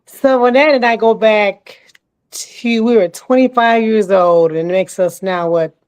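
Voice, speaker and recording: A woman's voice: mid-range voice, unhurried, a little mellow, clear, resonant tone, low-quality recording. A woman, a guest in a casual chat who talks modestly and laughs often. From Detroit. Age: 50s.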